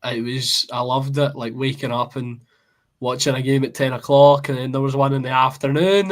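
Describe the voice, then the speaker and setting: A man's voice: mid-range voice, steady tone, normal speed. A young Scottish man in his twenties, talking football casually on a podcast, rambling with many fillers and restarts. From Scotland.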